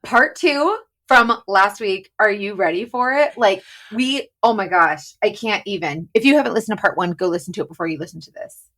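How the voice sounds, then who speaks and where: A woman's voice: medium pitch, a little fast, a bit bright. A young woman co-hosting a podcast, chatting in a bubbly, talkative way with frequent laughs. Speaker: podcast co-host. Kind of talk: casual chat.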